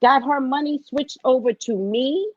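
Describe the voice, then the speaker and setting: Woman, lively storyteller, slightly high voice, plays out the voices in her story, dull dry lo-fi sound. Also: unhurried, no room sound. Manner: animated, acts out quoted voices, repeats phrases for emphasis. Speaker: special education teacher. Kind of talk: casual storytelling.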